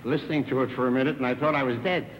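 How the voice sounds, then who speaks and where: An older comedian doing a stand-up telephone monologue with dry wisecracks and one-sided phone chatter on a large theater stage. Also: male voice, medium pitch, fairly even intonation, racing. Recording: echoey theater, dull 1960s TV sound with hiss.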